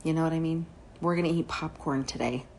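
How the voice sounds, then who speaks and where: A woman's voice: low voice, fast, darkish tone, a little hiss or hum. A woman in her thirties co-hosting a podcast, talking candidly in casual chat, swearing and laughing often. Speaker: podcast co-host.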